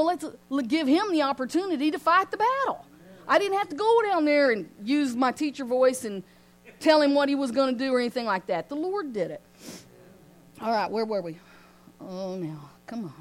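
A woman teaching an informal Bible study in a lively way, often laughing and asking her listeners questions. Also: sits high. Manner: animated, asks the group questions, laughs often.

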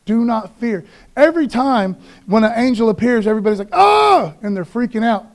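A man preaching a sermon in church, casual and animated, often calling listeners "man.". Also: high-pitched, a little fast.

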